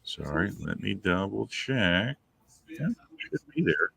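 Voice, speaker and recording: A man's voice: deep voice, very animated, a little slow, creaky, fairly bright tone, husky, no room sound. A man hosting a live fan chat show, posing questions to his guests and viewers. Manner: leads the discussion and poses questions to guests and viewers. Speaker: podcast host.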